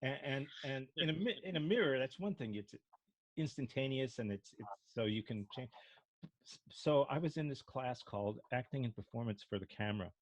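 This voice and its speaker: A man's voice: mid-range voice, animated, brisk, no echo. An older man from Brooklyn, with a faint Brooklyn accent, telling rambling stories with many restarts as an improv instructor. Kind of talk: casual discussion.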